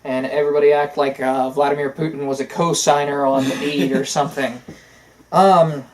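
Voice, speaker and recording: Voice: mid-range voice, level tone, moderate pace, rough recording. A co-host in casual political chat, opinionated and talking in long runs with frequent fillers. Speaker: podcast co-host.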